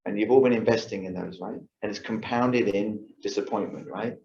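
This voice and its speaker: A man's voice: on the low side, normal speed, creaky, darkish tone. A man giving a casual lifestyle talk to a yoga class, acting out his own thoughts and often checking in with the audience. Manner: chatty, acts out his own thoughts, asks the audience "right?". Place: yoga studio. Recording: roomy, dull lo-fi sound.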